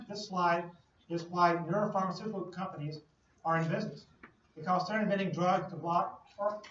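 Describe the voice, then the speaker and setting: A man's high-pitched voice comes through a distant, echoey lo-fi classroom recording with a faint hiss or hum. He's lecturing in a lecture hall, explaining with playful everyday analogies and questions to the class.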